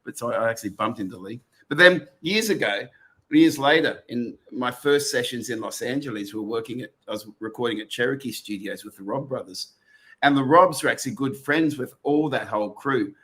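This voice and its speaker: A man's voice: mid-range voice, animated, fairly quick, fairly bright tone. A middle-aged man with an Australian accent, co-hosting a casual chat and telling long stories with many restarts. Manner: rambling storyteller with many restarts. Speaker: podcast co-host.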